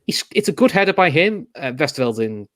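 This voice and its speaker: Brisk and on the high side, this young Liverpudlian's voice comes through clean studio sound with no room sound. Hosting a laid-back football podcast, he tells stories animatedly and acts out how people reacted.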